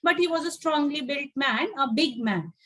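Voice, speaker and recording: A woman tutor teaching an online English class, reading a story aloud and explaining it line by line with patient pauses. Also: high-pitched, bright, forceful tone. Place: home, on a video call.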